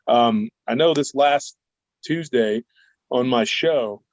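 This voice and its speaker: Male guest, rambling animated storyteller, mid pitch, dry muffled remote line. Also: takes it slowly, no room sound. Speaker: guest cryptid researcher. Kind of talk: storytelling interview. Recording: dull dry remote recording.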